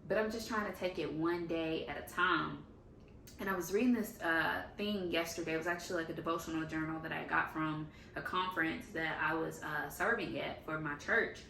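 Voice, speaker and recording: A woman's voice: low voice, fairly even intonation, brisk, creaky, pushed and bright, distant mic, slight background noise. A young woman talking candidly in a casual confessional vlog, often saying "like" as she goes. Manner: candid and talkative, uses 'like' often. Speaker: faith vlogger. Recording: echoey room, faint ambience.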